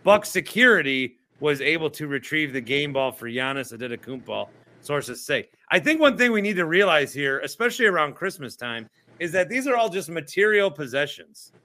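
Animated, bright-voiced male podcast host. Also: a little high, normal speed, few pauses. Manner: animated, jokey. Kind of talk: casual sports chat.

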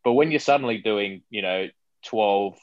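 A man's voice: fairly low pitch, normal speed, dry recording, lo-fi sound. A young Australian man, a guest referee, talking wryly with hesitant fillers in a casual podcast chat. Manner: relaxed, wry, hesitant fillers. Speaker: guest, rugby league referee.

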